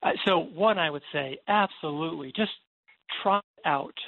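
A man's voice: on the high side, normal speed, vocal fry, no room sound, phone-quality sound. A man, a minister co-hosting a radio call-in show, giving earnest advice to a caller. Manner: earnest, advising, preacherly. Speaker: guest co-host, minister.

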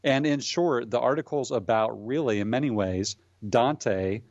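A man speaking as a radio guest, explaining his views thoughtfully with frequent pauses. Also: medium pitch, a little mellow, no room sound, dull audio. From Michigan. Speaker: guest commentator. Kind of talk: radio interview.

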